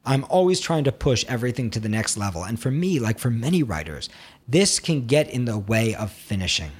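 A man gives a screenwriting lesson in a slightly husky voice. His pitch swings freely as he talks. He is expressive and animated, and now and then he acts out the nagging inner critic. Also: a little fast. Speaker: screenwriting teacher. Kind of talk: instructional talk to camera.

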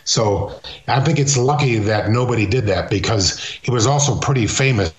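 An older man, a retired wrestler, telling animated stories as an interview guest and slipping into quick impressions. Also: lowish voice. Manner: animated storyteller, slips into impressions. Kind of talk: casual storytelling interview. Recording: roomy echo.

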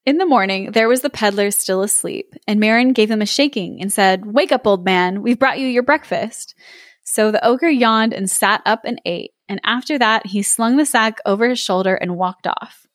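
A woman's voice: mid-range voice, normal speed, no echo, clean studio sound. A young woman co-hosting a podcast, reading a fairy tale aloud with playful banter and frequent laughs. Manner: playful, laughs often between lines.

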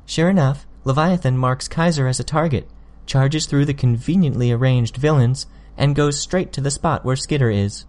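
A man voicing a sly, sharp-tongued teenage girl villain in an audiobook, smug and needling. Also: medium pitch, normal speed, few pauses, close to an everyday voice. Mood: accusing. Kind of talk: audiobook character voice.

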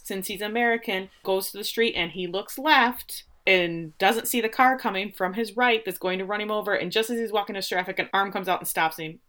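Animated woman retelling a TV episode. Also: mid-range voice. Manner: animated retelling, acting out quotes. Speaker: podcast co-host recapping a TV episode. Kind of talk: casual chat.

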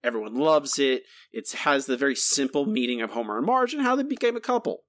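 A man rants through a casual podcast chat, exasperated and wound up. His pitch swings widely as he talks, leaping high and dropping low. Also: fast. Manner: exasperated, ranting, animated. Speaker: podcast co-host.

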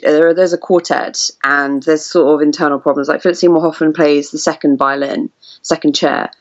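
Lively young woman, muffled audio. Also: low-pitched. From United Kingdom. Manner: chatty and emotional, laughs often. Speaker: podcast guest. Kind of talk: casual interview chat.

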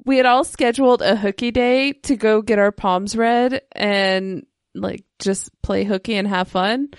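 A woman co-hosting a casual podcast chat, teasing and quick with a quip. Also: medium pitch, steady tone, clear, resonant tone, dry recording, studio quality. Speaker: podcast co-host.

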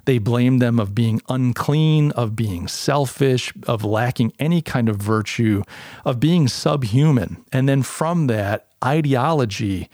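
Man, podcast host, opinionated rambling monologue, mid-pitched voice, dry close mic. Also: a little slow, a little mellow, no echo. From United States.

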